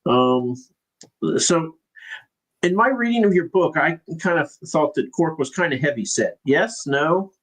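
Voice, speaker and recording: A man's voice: on the high side, expressive, unhurried, a bit bright, low-quality recording. A man narrating as game master in a casual, hesitant way with many fillers.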